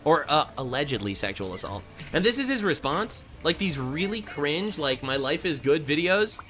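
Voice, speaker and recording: A male streamer with a high, lively voice that swings all over, chatting casually and jokingly. His tone is bright and forceful, with quick asides. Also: soft background music. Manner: joking, rambling and animated, drops into mock voices. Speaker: streamer reacting to a video. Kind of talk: casual live-stream commentary.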